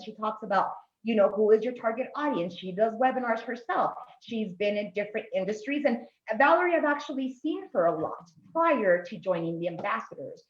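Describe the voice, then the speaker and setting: A woman speaking as a panelist on a webinar, animated and frank, rambling and repeating herself. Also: fairly high pitch, reverberant, muffled recording. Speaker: panelist, committee member. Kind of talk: casual panel talk.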